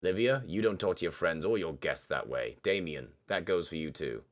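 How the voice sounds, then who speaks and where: A man voicing a calm, firm father in a story game, speaking in a low, steady fatherly tone. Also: fairly quick. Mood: stern.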